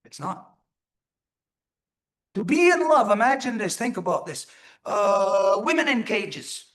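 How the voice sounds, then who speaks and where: A man leads a live teaching session, his voice sitting high for a man and swinging widely in pitch. He talks emphatically and keeps putting questions to his listeners. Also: very animated, slow, a bit bright. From Turtle Island. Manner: emphatic, rhetorical, asks the audience questions. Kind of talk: live teaching talk to an audience.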